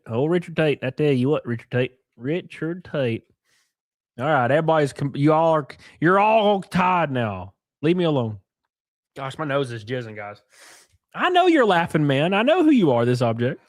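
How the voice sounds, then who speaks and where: A man's voice: fairly high pitch, dry recording, clean studio sound. Sick, sniffly man hosting a rowdy stream. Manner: rowdy, jokey, loud exclamations and laughs. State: sick and sniffly, stuffed nose. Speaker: live streamer host. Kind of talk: casual live-stream chat with viewers.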